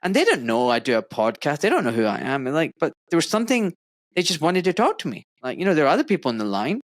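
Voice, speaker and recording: A man's voice: on the high side, wildly swooping pitch, fast talker, no room sound. A middle-aged man from Glasgow with a Scottish accent, hosting a podcast and speaking earnestly and effusively, rambling with fillers. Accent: Glaswegian Scottish. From Scotland. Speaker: podcast host. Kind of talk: warm conversational interview.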